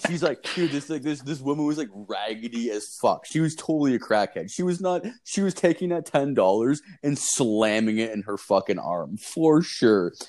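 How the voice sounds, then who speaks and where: A man's voice: medium pitch, lively intonation, normal speed, hardly any pauses, a little mellow. A man in casual chat, telling a rambling, profane story with lots of fillers and swearing.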